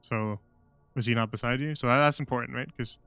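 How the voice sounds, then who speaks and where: Guy streaming a game, bright sharp voice, sarcastic, dry close sound. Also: mid-range voice, fairly even intonation, a little fast, smooth, no echo, faint music behind. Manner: sarcastic, joking, laughs often. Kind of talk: live gameplay commentary.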